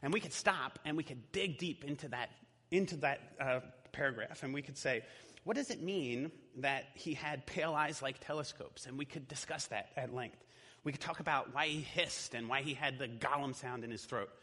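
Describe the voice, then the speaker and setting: A man's voice: mid-range voice, a little fast, pushed and bright, husky. A man preaching a sermon in a church in a conversational way, with casual fillers. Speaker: pastor. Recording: echoey hall.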